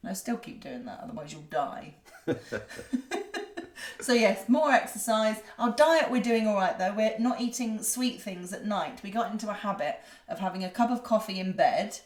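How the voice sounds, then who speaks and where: A middle-aged woman co-hosting a podcast in casual chat, talkative and quick to laugh. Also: medium pitch, expressive. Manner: chatty, laughs often. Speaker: podcast co-host. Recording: echoey room.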